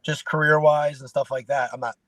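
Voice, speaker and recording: A man's voice: medium pitch, a little fast, dry recording, rough recording. A man in his late twenties, a guest fighter telling easygoing stories in a casual interview chat. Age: late 20s. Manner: relaxed storytelling with fillers.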